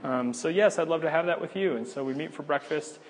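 A man teaching a church class in a relaxed, conversational way, with frequent fillers and easy laughs. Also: on the high side, brisk, long reverb tail, a little hiss or hum. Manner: conversational, laughs easily, many fillers and restarts. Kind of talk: casual teaching talk.

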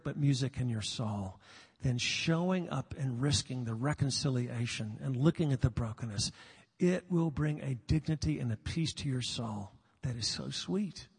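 An older man preaching a sermon, earnest and confessional, sometimes halting on repeated words, recorded live in a large hall. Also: medium pitch, a little mellow, slightly rough. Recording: long reverb of a large hall.

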